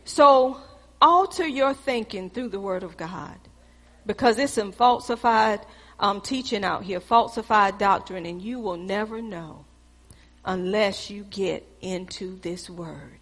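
A woman preaching a fervent sermon, exhorting the congregation and at times rising to shouts. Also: medium pitch, unhurried.

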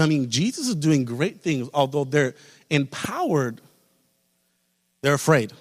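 A man preaches to his church, his fairly high voice climbing to fervent, loud peaks before easing back down to a soft hush. The sound carries the long reverb of a large sanctuary, with each phrase ringing out into the hall. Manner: impassioned, rising to loud peaks then dropping soft. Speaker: pastor. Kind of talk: sermon.

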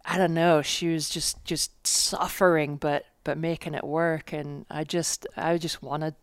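A woman's voice: low voice, little pitch movement, a little slow, dry recording. A woman with an English accent, a former racer telling her story as a guest in a casual interview, rambling with restarts and fillers. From England. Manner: rambling, self-correcting storyteller with frequent fillers. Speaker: guest, former World Cup mountain bike racer.

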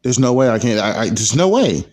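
A man in casual chat, telling animated stories, swearing freely and repeating the same catchphrase. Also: medium pitch, brisk. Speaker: podcast co-host.

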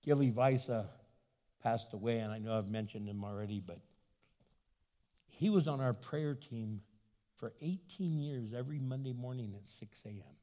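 Animated pastor preaching in a reverberant church. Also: male voice, medium pitch, moderate pace. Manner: animated, acts out quoted voices. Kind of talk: sermon. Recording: long hall reverb.

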